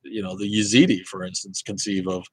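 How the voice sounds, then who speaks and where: A low, husky man hosts a live Q and A, talking in a loose, rambling way. He swears freely, trips over restarts, and the sound is dry and close. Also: flat delivery, fairly quick, no echo, poor audio. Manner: rambling, profane, many fillers and restarts. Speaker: host of an atheist live show. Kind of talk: casual live Q and A chat.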